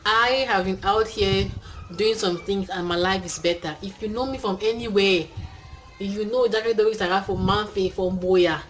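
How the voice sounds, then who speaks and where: Indoors, a young woman with a Cameroonian accent hosts her channel, chatting to camera in a casual, upbeat way full of fillers. Her medium-pitched voice moves at normal speed, captured in poor audio with a little hiss or hum.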